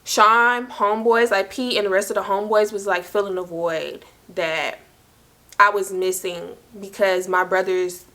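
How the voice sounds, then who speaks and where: A woman's voice: mid-range voice, measured pace. A young woman telling a personal story to her viewers, casual and slangy, full of "like" and "y'all". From South Carolina. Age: young adult. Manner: slangy, animated, fillers of "like" and "y'all". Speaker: storytime vlogger.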